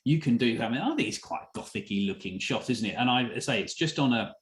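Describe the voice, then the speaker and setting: A man's voice: mid-range voice, animated, quick pace, roomy sound. A man hosting a casual photography chat on a video call, talking in loose, rambling sentences with many restarts. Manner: rambling, with frequent restarts and trailing off. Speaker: host of an online photography chat.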